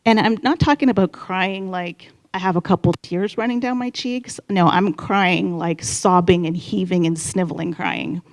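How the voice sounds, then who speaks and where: A woman's voice: on the low side, normal speed, few pauses. A woman in her fifties telling a candid personal story on stage at a live event, chatty and acting out her own inner voice. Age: 50s.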